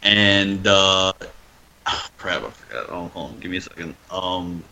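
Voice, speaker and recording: A young man in a casual talk, recapping a story hesitantly, with many pauses and ums. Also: deep voice, vocal fry, pushed and bright, low-quality recording. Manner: hesitant, many ums, loses his thread. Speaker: podcast guest. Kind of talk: casual chat.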